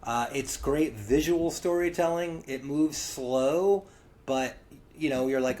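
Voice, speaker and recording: A man's voice: medium pitch, takes it slowly, darkish tone. Chatty male podcast co-host. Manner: chatty, lots of "yeah" and "you know" fillers. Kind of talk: casual chat.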